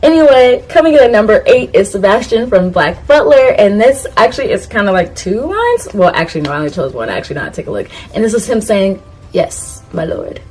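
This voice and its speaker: A woman's voice: medium pitch, very animated, fast talker, few pauses, a little mellow, a little hiss or hum, poor audio. A woman vlogging to camera in a casual, rambling way, laughing at herself and talking straight to her viewers. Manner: talks straight to her viewers, asks them to comment. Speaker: YouTuber ranking anime catchphrases.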